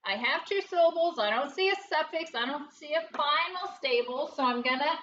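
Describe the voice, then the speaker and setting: A woman teaching a phonics lesson, patient and deliberate, repeating words aloud and asking the students questions. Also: high voice, animated, fairly bright tone, recorded from a distance, dull audio, slight background noise. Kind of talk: slow, deliberate classroom instruction.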